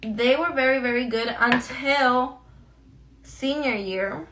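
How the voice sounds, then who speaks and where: A woman's voice: high voice, takes it slowly, a bit bright. A young woman chatting casually while getting ready, telling a storytime to her viewers in a slangy, friendly way. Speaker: beauty vlogger. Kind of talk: get-ready-with-me storytime chat.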